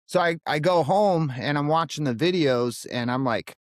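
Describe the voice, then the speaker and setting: Animated male podcast guest telling stories. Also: no room sound, studio quality. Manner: animated storyteller with quick bursts and jumps in pitch. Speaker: podcast guest, HVAC technician. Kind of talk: casual podcast chat.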